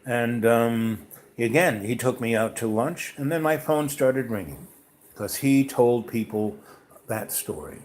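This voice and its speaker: A man's voice: mid-range voice, lively intonation, unhurried, darkish tone, a little hiss or hum. A man hosting a podcast, telling a personal story in a casual, rambling way full of fillers and restarts. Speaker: podcast host.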